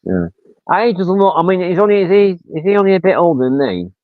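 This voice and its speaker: A man's voice: high voice, big pitch swings, a little fast, dry recording. A man in his fifties, chatting casually as a livestream host and rambling through stories with frequent mild swearing. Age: 50s. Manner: rambling storyteller, swears casually, acts out quotes. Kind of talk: casual chat. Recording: tinny, dry phone-like sound.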